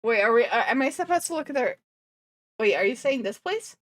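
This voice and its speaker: A woman livestreamer thinks aloud while reacting to videos. She rambles with plenty of fillers. Her pitch moves around a lot. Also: expressive, fairly quick, fairly bright tone. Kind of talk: casual reaction stream chat.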